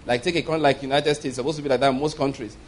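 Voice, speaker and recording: A man's voice: mid-range voice, steady tone, racing, slight background noise. A man preaching a sermon, telling a story with frequent chuckles and repeated words.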